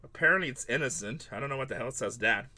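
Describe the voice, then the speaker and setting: Bright, tired-sounding man chatting to his stream. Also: medium pitch, animated, fast talker. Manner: loose, joking, talks back to chat. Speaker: card break host. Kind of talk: casual livestream chat to viewers.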